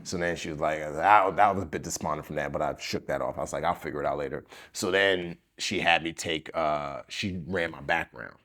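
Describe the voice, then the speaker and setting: A man, a podcast guest telling his story in an animated way, acting out the quotes and using many fillers. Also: extremely low pitch, moderate pace, hardly any pauses. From the Bronx, New York. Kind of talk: storytelling interview.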